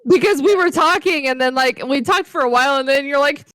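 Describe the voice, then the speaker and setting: A woman's voice: high-pitched, brisk, a bit bright. A young woman co-hosting a podcast, talking in a blunt, wry way and swearing casually. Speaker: podcast co-host. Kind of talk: casual chat.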